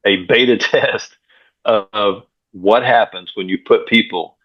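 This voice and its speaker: Energetic low-voiced man telling stories. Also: measured pace. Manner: energetic, filler-heavy, repeats words. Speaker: guest speaker, pastor and coach. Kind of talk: casual interview storytelling. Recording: dull lo-fi sound.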